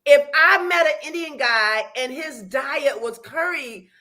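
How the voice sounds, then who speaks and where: High, bright woman host; lively, quick questioner. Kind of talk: casual talk show chat.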